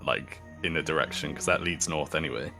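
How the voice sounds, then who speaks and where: Very deep-voiced, halting man player. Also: fairly even intonation, bright, forceful tone, soft background music. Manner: halting, full of fillers. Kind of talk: casual play discussion.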